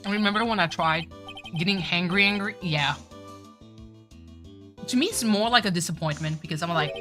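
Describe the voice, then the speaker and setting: A woman's voice: medium pitch, moderate pace, pauses often, music in the background. A woman streamer chatting casually while playing a game, talkative, swearing and saying "like" a lot. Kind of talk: casual live-stream chat.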